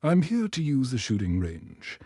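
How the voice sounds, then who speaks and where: A guarded former soldier woman who keeps her voice low and even, played by a male storyteller. Her short lines come out hushed and calm, in a warm, mellow tone. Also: unhurried, husky, dry recording, clean studio sound, heavily acted. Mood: steady. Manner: quiet, calm, controlled.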